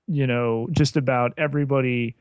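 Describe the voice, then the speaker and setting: Male co-host, medium pitch, deadpan sarcasm, close dry mic sound. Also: normal speed, smooth, no room sound. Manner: dry and sarcastic, with frequent "uh" and "you know". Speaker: podcast co-host. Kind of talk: casual chat.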